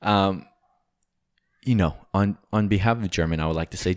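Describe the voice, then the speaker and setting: A man's voice: sits low, moderate pace, no echo. A man co-hosting a podcast, giving rambling, frank advice with casual swearing and jokes. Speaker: podcast co-host.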